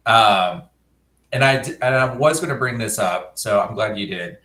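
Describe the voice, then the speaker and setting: A man's voice: fairly low pitch, normal speed, pushed and bright. A man chatting on a live stream in a joking, laid-back way. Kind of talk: casual live stream chat. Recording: roomy, echoey sound.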